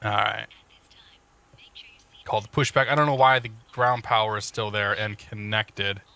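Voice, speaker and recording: A man's voice: lowish voice, steady tone, measured pace, gravelly, bright, forceful tone. A man casually talking through cockpit checklists on a live stream, joking and greeting chat viewers as he goes. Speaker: flight sim streamer.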